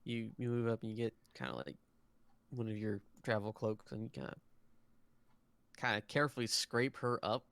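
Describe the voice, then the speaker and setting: A man runs a tabletop game as game master, describing each scene at length with plenty of ums and restarts. His voice is smooth and resonant, recorded close on a desk mic with a dry sound. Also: lowish voice, moderate pace, long pauses, a bit bright, no echo. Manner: rambling, many fillers and restarts. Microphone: close desk mic, online stream.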